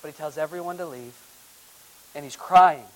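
A male preacher with a high voice teaches through a Bible passage verse by verse. He reads the old formal scripture wording aloud, then explains it. His delivery swings dramatically, dropping to hushed, intimate tones and then climbing back to loud, emphatic high points. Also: moderate pace, poor audio.

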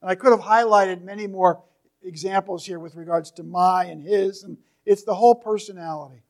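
A man preaching in a church with a notably high voice. He reads scripture slowly and forcefully, then lets his phrases fall away softly. The delivery is steady and earnest. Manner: reads scripture slowly and emphatically, drops to near-whispers at phrase ends. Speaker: pastor. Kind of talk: sermon.

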